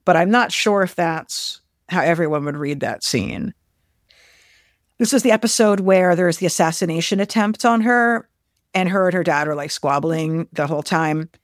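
A woman talks through a show episode in a relaxed podcast chat. She is thoughtful and full of little fillers and restarts, and her voice lifts when she acts out a quote. The sound is close and dry. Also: on the low side, normal speed, no room sound. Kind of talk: casual discussion.

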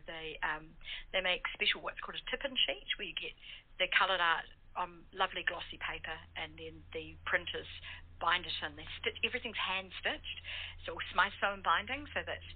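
A woman's voice: lowish voice, breathy edge. Enthusiastic New Zealand woman author, phone line. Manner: enthusiastic, laughs often, many fillers. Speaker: author guest. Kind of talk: casual interview chat.

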